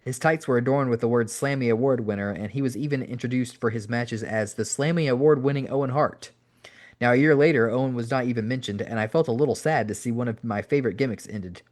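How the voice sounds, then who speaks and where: A man reads an audiobook aloud in a steady, home-made style. His pitch sits in the middle range for a man, and he now and then backs up to fix a misread word. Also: fast. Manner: steady reading with occasional self-corrections. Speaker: audiobook reader and podcast host. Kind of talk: amateur audiobook narration.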